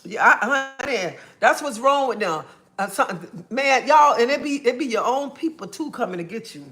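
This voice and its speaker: A woman's voice: a little high, lively intonation, moderate pace, sharp tone. A woman ranting casually on a live stream, blunt and sassy, calling viewers honey and baby and tagging her points with "okay?". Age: adult, a mother. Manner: repeats "okay?" after points. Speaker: livestreamer.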